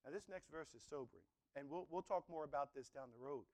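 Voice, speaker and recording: A male pastor preaching a sermon, animated, swinging between loud exclamations and hushed asides. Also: a little high, quick pace.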